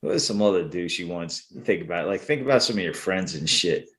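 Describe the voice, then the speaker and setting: A man's voice: sits low, animated, fast, a bit bright. A man, cutting in with profane jokes and laughter while chatting with a friend. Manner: profane, laughs often, jumps in. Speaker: podcast co-host. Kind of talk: casual banter with a friend.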